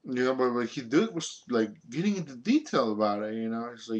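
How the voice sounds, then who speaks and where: A man's voice: mid-range voice, expressive, a little fast. A young man telling a story from his own life in a rambling, casual way, full of filler words and swearing.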